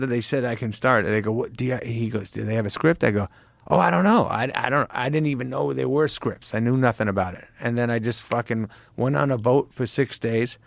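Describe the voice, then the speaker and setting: A man's voice: medium pitch, vocal fry, no room sound. A middle-aged man in casual podcast chat, a laughing, swearing storyteller. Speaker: guest.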